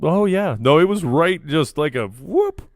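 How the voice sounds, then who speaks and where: A man's voice: a little high, expressive, measured pace, no echo, studio quality. A man hosting a casual podcast chat, rambling with lots of fillers and restarts. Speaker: podcast host. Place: small studio in a vape shop.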